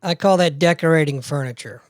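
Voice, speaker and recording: A man's voice: a little high, brisk, no echo, clean studio sound. A plainspoken man chiming into a conversation with wisecracks. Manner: joking, plainspoken, uses "ain't". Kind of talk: casual conversation.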